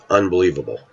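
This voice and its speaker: A man telling a story in casual, rambling talk, often clearing his throat and repeating himself. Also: deep voice, fairly bright tone, dull audio.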